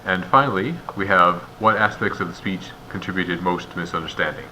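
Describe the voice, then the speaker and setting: A man's voice: low voice, fairly quick, pushed and bright, a little hiss or hum, rough recording. A man giving a methodical step-by-step walkthrough as an instructor, explaining each point and posing rhetorical questions. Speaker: instructor guiding raters.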